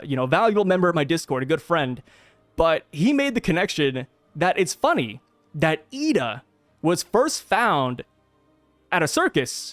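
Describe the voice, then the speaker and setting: Animated high-voiced man reviewing manga. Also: dry recording. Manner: excitable, slangy, quick asides. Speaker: manga review channel host. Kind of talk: casual video commentary.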